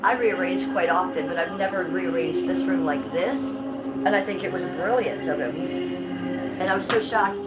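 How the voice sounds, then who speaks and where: A woman's voice: on the low side, normal speed, rough recording. A middle-aged woman chatting casually on a livestream from her living room, blunt and given to swearing. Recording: music playing clearly behind.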